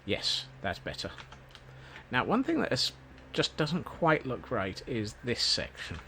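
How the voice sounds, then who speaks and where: A man's voice: medium pitch, wildly swooping pitch, a little slow, creaky, bright, forceful tone, a little hiss or hum. A Scottish man streaming a game, rambling casually and cracking self-mocking jokes. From Scotland. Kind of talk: casual gameplay commentary. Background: faint background music.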